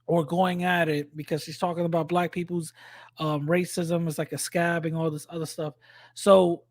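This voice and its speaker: A man's voice: high-pitched, darkish tone, no room sound, studio quality. A man giving casual, slangy commentary on a clip he is playing, bluntly calling out claims point by point. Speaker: reaction commentator.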